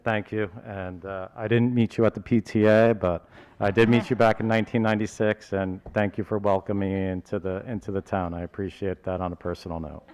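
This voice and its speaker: Man, very low voice, formal measured tribute reading, school board meeting. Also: little pitch movement, darkish tone, clear, resonant tone. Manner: formal, measured, with a light joke at the end. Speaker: speaker for the local teachers' association. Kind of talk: reading a prepared tribute speech.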